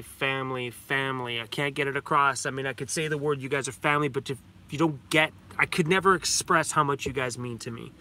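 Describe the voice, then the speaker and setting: A man's voice: mid-range voice, bright, forceful tone. A man, hosting a casual livestream chat in a rambling, heartfelt way and talking fondly to his dog. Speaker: vlogger host.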